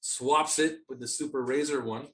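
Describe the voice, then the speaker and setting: A man's voice: medium pitch, steady tone. A man co-hosting a casual movie podcast, swearing often and acting out scenes as he retells them. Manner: fast, profane, quoting movie lines. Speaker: podcast co-host. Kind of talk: casual movie-review chat.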